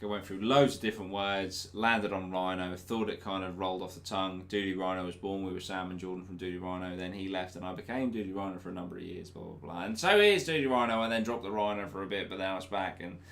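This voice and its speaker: A young man, a YouTube host answering viewer questions in casual, sweary chat and mimicking people loudly. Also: low-pitched, fast talker, hardly any pauses. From England.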